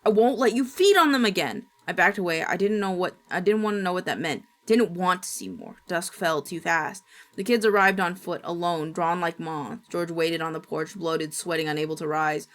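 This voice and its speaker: A woman streamer reading a horror story aloud in steady, dramatic narration. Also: on the low side, normal speed.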